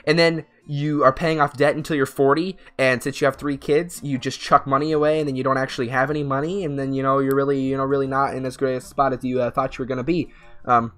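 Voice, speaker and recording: A man's voice: mid-range voice, level tone, quick pace, a bit bright, soft background music. A man giving casual let's-play commentary, rambling with many fillers and restarts. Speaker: gaming YouTuber.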